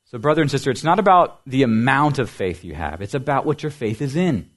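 A man preaching a sermon as pastor, building to loud emphasis and dropping to soft, quiet lines, often repeating and asking questions. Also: mid-range voice, lively intonation, brisk. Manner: dynamic preaching, swings from loud emphasis to soft near-whispers.

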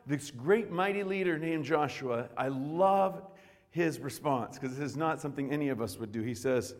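Male pastor preaching, high voice, gets loud and fervent then drops quiet, echoey church hall. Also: normal speed. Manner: fervent, swings from quiet to shouting. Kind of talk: sermon.

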